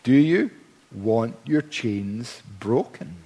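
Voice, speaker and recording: A man's voice: medium pitch, lively intonation, very slow, warm tone, husky. A man preaching a sermon in a church, emphatic, building to fervent peaks with stammered restarts. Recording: long hall reverb.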